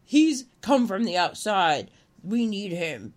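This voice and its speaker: A woman's voice: medium pitch, big pitch swings, slow pace. A woman co-hosting a casual movie commentary chat, ranting profanely and sounding exasperated.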